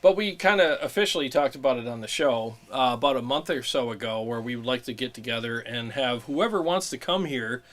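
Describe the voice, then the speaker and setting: A man's voice: medium pitch, a bit bright. A man co-hosting a casual guitar livestream, laid-back, laughing easily and joking with his co-host. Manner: laid-back, laughs often, quick asides.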